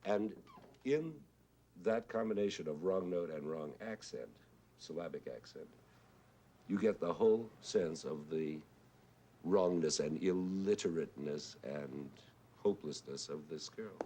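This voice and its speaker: An older man with a husky, whiskey-worn voice, reminiscing about his mentor in a thoughtful, unhurried way with hesitant fillers. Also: sits low, dark tone. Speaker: composer and conductor recalling a mentor. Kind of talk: reflective spoken reminiscence. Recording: 1970s television broadcast archive.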